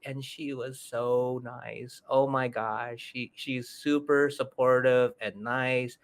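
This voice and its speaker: This is a middle-aged man chatting on a podcast, telling a story with plenty of energy. He keeps jumping into the voices of the people in it, pitching up for the quotes before dropping back to his easygoing, mid-range everyday tone. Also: takes it slowly, few pauses, smooth. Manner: animated, acts out quoted voices. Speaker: podcast host. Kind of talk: casual storytelling chat.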